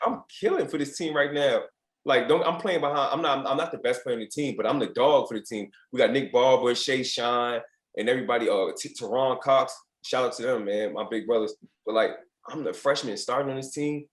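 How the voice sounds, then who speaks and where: A man's voice: medium pitch, fairly quick, reverberant. A man in his late twenties from Virginia telling stories as a podcast guest, candid and profane, often acting out what others said. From United States, Virginia. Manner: candid, profane, reenacts quotes in other voices. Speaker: podcast guest, former basketball player. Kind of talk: casual storytelling interview.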